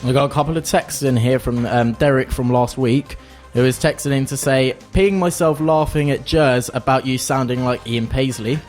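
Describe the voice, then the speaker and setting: A man's voice: mid-range voice, moderate pace, hardly any pauses, a little mellow, faint music behind. A man co-hosting a comic fan radio show, reading out listener texts, laughing and stumbling over words.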